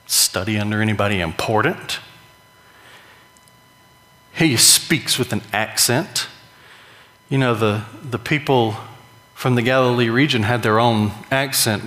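A man preaches a sermon in a loose, joking, conversational way, his pitch sitting in an ordinary middle range. He leans into emphatic rises for effect. His voice rings out with a long reverb in a church hall. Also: unhurried, pauses often, bright, forceful tone. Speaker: pastor.

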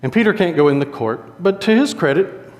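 Man, preaching a sermon, fairly high voice, long church reverb. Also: brisk. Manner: conversational storytelling, animated. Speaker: pastor.

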